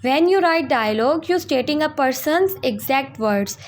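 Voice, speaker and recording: A young woman teaches a school lesson in a high, clear voice. She draws out each example word slowly for the pupils. Her explanations in between come quickly. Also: lively intonation. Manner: slow, drawn-out words for pronunciation practice; switches quickly between English and Hindi explanations. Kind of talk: classroom lesson video.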